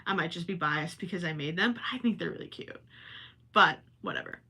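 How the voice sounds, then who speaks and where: A woman with a Minnesotan accent hosts a casual livestream from home, chatting with viewers, reading their comments, and often apologizing in a self-deprecating way. Her voice is fairly low, husky and creaky, with a sharp tone and brisk delivery.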